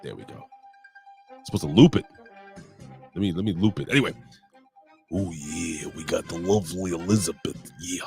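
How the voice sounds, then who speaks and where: Hoarse dude hosting a wrestling show, cussing a lot, low voice, faint music behind. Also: male voice, brisk, pauses often, darkish tone. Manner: profane, rambling, joking. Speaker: podcast host. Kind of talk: casual wrestling review chat.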